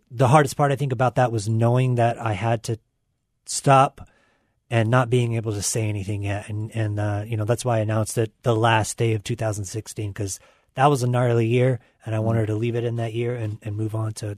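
A man's voice: on the low side, level tone, brisk, a little mellow, no echo. Candid man with dry sound. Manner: candid, rambling with many fillers. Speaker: guest musician. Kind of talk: casual radio interview.

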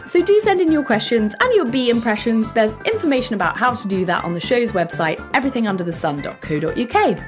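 A woman hosting a children's podcast, reading scripted explanations in a clear, animated way for young listeners. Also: fairly high pitch, music in the background. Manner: bright, animated, explaining things slowly for kids.

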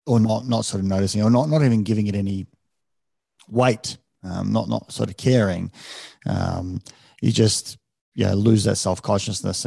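Gravelly low-voiced male podcast host. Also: mellow, no echo, clean studio sound. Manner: thoughtful, many restarts and hesitations. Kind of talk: reflective conversational interviewing.

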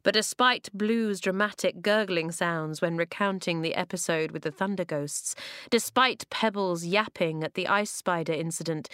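A woman reading a children's novel aloud, expressive, voicing the dialogue with big leaps in pitch and loudness. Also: clear, resonant tone, dry recording, clean studio sound. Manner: expressive, acts out dialogue with sharp jumps in pitch and volume. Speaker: narrator.

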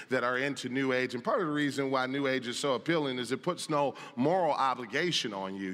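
A man's voice: medium pitch, pushed and bright. A man preaching a sermon as pastor, reading scripture aloud with emphatic delivery. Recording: long reverb of a large hall.

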